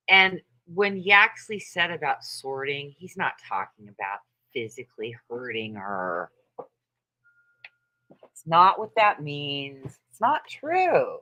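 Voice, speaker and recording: Bright-voiced woman ranting profanely on a livestream. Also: low-pitched, wildly swooping pitch, slow, poor audio. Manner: profane, mocking, laughs often. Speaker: livestream host. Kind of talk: casual ranting livestream chat.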